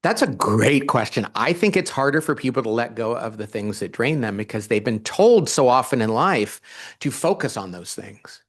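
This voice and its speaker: A man speaking in a conversational interview with an even, middle-pitched voice. He tells stories with animation and acts out the lines of the people in them. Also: moderate pace. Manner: animated storytelling, acts out quoted dialogue. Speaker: guest author.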